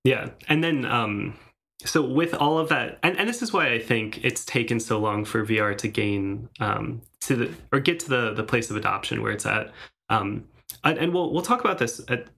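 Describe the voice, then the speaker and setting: Man, gravelly, bright tone, hesitant casual podcast chat. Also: mid-range voice, expressive, normal speed. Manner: hesitant, many fillers and restarts. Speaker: podcast co-host.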